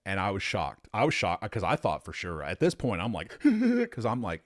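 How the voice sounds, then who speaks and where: A man telling a story in a casual, animated, profane way, getting worked up as he talks. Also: fairly low pitch, normal speed, no echo, studio quality. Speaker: storyteller recounting a former boss.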